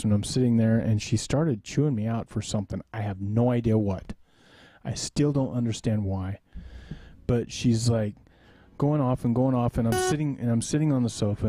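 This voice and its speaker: A man's voice: fairly low pitch, mellow, no echo. A man hosting a live webcast, telling a rambling, self-deprecating story in a casual way and laughing often along the way. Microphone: desk microphone in a studio.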